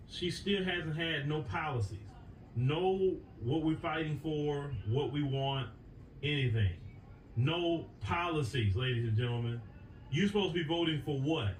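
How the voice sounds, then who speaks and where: An American man speaks a little high for a man, pressing his points again and again in an emphatic commentary monologue. He sits back from the microphone, so his voice sounds distant in a roomy, echoing space. A faint hiss of noise runs under him. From United States. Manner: emphatic and repetitive, hammering points home. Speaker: political commentary host. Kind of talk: opinion monologue to viewers. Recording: echoey room, voice away from the mic, faint noise.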